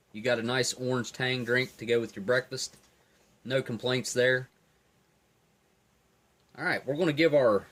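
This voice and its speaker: Man reviewing field rations on camera. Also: medium pitch. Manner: relaxed, enthusiastic tasting commentary. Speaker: food reviewer. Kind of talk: casual food review.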